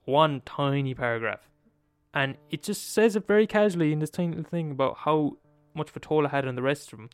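A man's voice: fairly high pitch, fairly quick, clear, resonant tone, dry recording, faint music behind. A man with an Irish accent retelling a story in a casual, profane, repetitive, conversational way.

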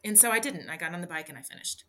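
Bright-voiced woman telling her story. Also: lowish voice, expressive, slight background noise. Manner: halting, frequent restarts and fillers. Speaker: interview guest, bikepacking racer. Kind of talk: candid personal storytelling.

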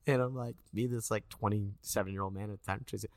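A man's voice: a little fast, no room sound, studio quality. A man in his thirties, an actor, chatting casually in an interview and acting out quotes as he tells stories. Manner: animated storyteller, acts out quotes in a higher voice. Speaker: actor guest.

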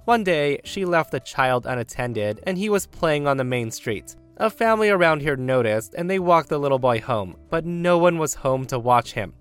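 A man reading a first-person revenge story aloud, with emphatic swings in pitch and loudness. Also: animated, moderate pace, few pauses, smooth, faint music behind. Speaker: narrator.

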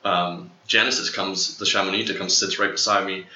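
A young man with a very bright, lowish voice recounts a long experience in casual conversation. He rambles, leans on fillers, and jumps into a higher voice when quoting people. The sound is roomy and a little dull. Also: a little fast. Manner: rambling, animated, acts out quotes in a higher voice. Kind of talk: casual storytelling.

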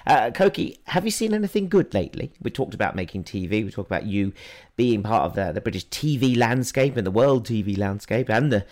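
A man's voice: fairly low pitch, big pitch swings, a little fast, darkish tone. A man interviewing a filmmaker in a chatty, enthusiastic way, acting out little quotes. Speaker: film interviewer. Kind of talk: conversational interview.

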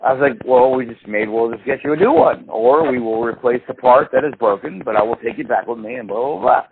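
A man's voice: medium pitch, a little fast. A man tells a rambling, profane story on a casual podcast and acts out the other people in it. His voice comes through thin and phone-like. A faint hiss sits under it. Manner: animated storyteller, swears a lot, acts out quotes. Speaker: podcast co-host.

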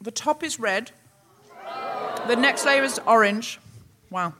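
A woman's voice: a little high, takes it slowly, noisy background. A woman co-hosting a live comedy podcast on stage, chatting with a theatrical, laughing delivery. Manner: animated and theatrical, laughing while explaining. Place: on stage at a London concert hall before a live audience.

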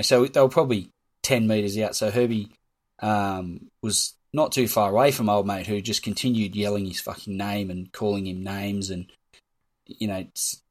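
A man co-hosting a casual sports podcast, telling stories with plenty of swearing and laughter. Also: lowish voice. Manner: swearing, storytelling, laughs at his own tales. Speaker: podcast co-host.

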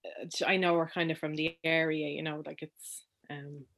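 A young woman speaks as a guest, her voice sitting a little on the low side. She tells a personal story in a loose, chatty way. Her talk is full of ums and false starts. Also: level tone, normal speed, creaky, fairly bright tone. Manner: chatty, with many ums and restarts.

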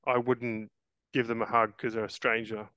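Interview guest, man, 40s, earnest, stumbles over words, bright and crisp, slightly lo-fi. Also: mid-range voice, little pitch movement, moderate pace, no echo. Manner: earnest, repeats words and restarts often, calls the host mate. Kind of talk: casual interview chat.

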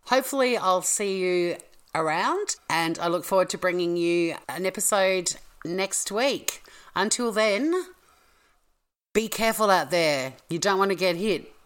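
Low-voiced woman podcasting. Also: measured pace, fairly bright tone, smooth. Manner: chatty, self-correcting, playful asides. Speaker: podcast host. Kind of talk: true-crime podcast monologue.

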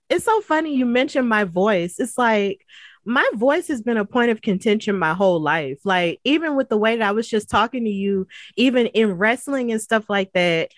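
A woman's voice: fairly high pitch, no room sound. A young woman from Alabama with a Southern accent, chatting casually and filling her talk with "like" and "you know". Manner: chatty, many "like" fillers. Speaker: guest. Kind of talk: casual chat.

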